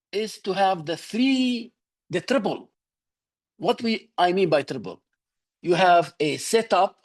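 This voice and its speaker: A higher-voiced man, working as a public speaking coach, teaches humor in an online speaking workshop lesson over a video call. His manner is instructive, and he keeps asking "okay?" to check understanding.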